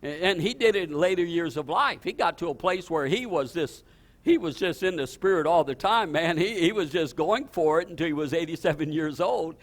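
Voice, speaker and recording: An older man, a pastor, preaching a storytelling sermon in an animated way, with many restarts and rising exclamations. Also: on the high side, brisk.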